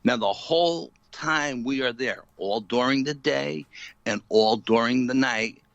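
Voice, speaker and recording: A man being interviewed as a paranormal investigator, retelling an eerie night in an animated, dramatic way full of "you know". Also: medium pitch, unhurried, creaky, dry recording, highs cut off. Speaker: paranormal investigator, podcast guest. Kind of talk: storytelling in a casual interview.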